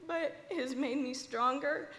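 A woman in her twenties giving a church testimony through tears, her voice shaky and earnest. She speaks high, and the sound carries through a big church hall with a long reverb. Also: unhurried, a bit bright. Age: 20s. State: crying. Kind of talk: emotional testimony at church service. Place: large church with balcony.

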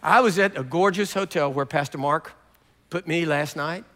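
An older man preaching a sermon, telling stories with big swings from quiet talk to loud bursts. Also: on the high side, moderate pace. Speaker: pastor. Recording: long hall reverb.

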